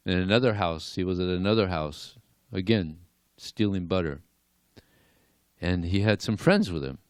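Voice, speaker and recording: Deep-voiced man telling devotional stories. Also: measured pace, pauses often, clear, resonant tone, no echo. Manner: animated storyteller, chuckling. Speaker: lecturer. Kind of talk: devotional class, storytelling. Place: temple hall.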